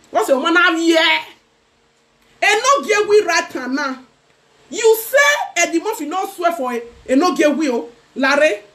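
A young Nigerian woman with a very high voice rants through gossip commentary. She taunts her targets in a sing-song way and keeps dropping into mocking laughter. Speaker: gossip vlogger.

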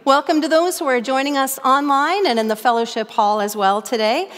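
A middle-aged woman from northern Minnesota preaching a sermon as pastor, telling stories in an earnest, animated way. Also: sits high, a little fast, in a large hall. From northern Minnesota, USA.

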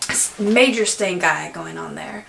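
A woman vlogger talks casually to her viewers, pausing often as she tells a story. Her voice has a gravelly edge. The sound is echoey, with a faint hiss behind it. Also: fairly low pitch, a bit bright. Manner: chatty, frequent "um" pauses, laughs through the story.

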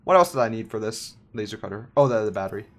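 A man giving casual, self-mocking let's play commentary while building in a game, animated and giggly. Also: on the low side, quick pace. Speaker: gameplay host.

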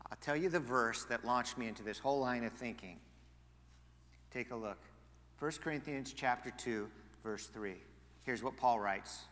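A male pastor preaching a sermon, animated, moving between loud emphasis and quiet asides. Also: mid-range voice, vocal fry, big-room sound. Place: church sanctuary.

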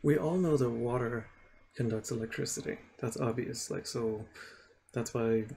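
A man's voice: mid-range voice, normal speed, gravelly, darkish tone, a little hiss or hum. Rambling, curious young man streaming. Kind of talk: casual live-stream chat.

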